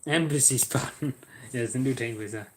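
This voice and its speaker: A man chats casually on a live stream at medium pitch and a slightly fast pace. He rambles and jokes, and his voice often fades quietly at the ends of sentences.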